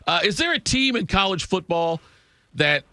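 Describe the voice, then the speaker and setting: A man's voice: sits high, lively intonation, normal speed, pushed and bright, dry recording. Teasing male sports show host. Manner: teasing, asks long rambling questions. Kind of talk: morning sports talk show.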